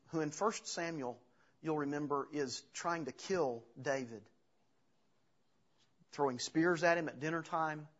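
A man preaching a sermon as pastor, earnest and halting, often restarting his phrases. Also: a little high. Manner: earnest, halting with restarts, retells scripture with acted quotes. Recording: dull lo-fi sound.

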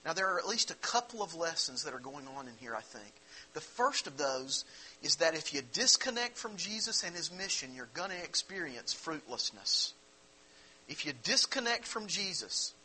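A man's voice: fairly high pitch, bright, forceful tone, slight background noise, rough recording. A man preaching a sermon, explaining a Bible passage in a conversational way and asking his listeners rhetorical questions. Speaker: pastor.

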